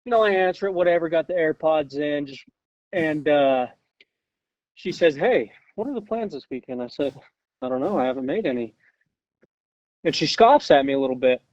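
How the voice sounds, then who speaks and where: A man's voice: on the high side, normal speed, pauses often, a little mellow, no room sound, dull audio. A man from Utah leaving a laid-back, chatty voice message for a podcast. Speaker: caller. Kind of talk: recorded voice message.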